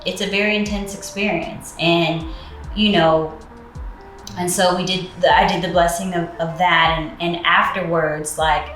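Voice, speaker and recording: A woman telling a personal story in casual chat, relaxed and full of fillers. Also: lowish voice, measured pace, echoey room, soft background music. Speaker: co-host.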